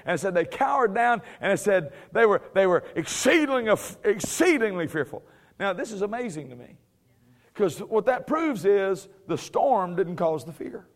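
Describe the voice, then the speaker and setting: This high-pitched male preacher teaches the Bible conversationally, chuckling often and using sarcastic humor delivered with firm emphasis. His voice has a sing-song quality, and he speaks at a normal speed.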